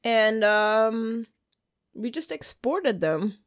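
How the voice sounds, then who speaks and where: A woman's voice: fairly high pitch, animated, drawn-out words. A woman from Austria, co-hosting a casual movie commentary, chatty and sardonic, full of "like" fillers. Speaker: podcast co-host.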